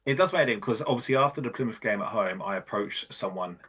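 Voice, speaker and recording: A man's voice: lowish voice, animated, quick pace, a bit bright, slightly rough. A man co-hosting a casual football fan podcast, blunt and opinionated, swearing casually. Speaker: podcast co-host.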